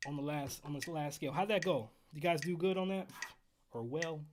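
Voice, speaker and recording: A man hosting a casual livestream trumpet lesson from home, counting in exercises and chatting with viewers in a relaxed way. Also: a little high, fairly quick, background noise. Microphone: headphones while streaming.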